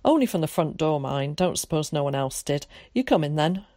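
Woman doing a shy village boy, gruff and rustic. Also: sits low, expressive, a little fast, dark tone, dry recording, clean studio sound. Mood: flustered. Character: young boy rehearsing grumpy lines, shy.

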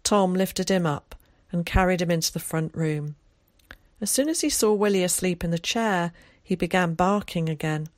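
A female audiobook narrator with a lowish voice reads scripted narration steadily and in a measured way. The sound is studio quality, with no echo.

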